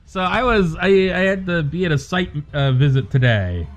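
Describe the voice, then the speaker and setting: A young man chatting casually on a live stream, animated and quick to rant, with plenty of swearing. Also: high-pitched.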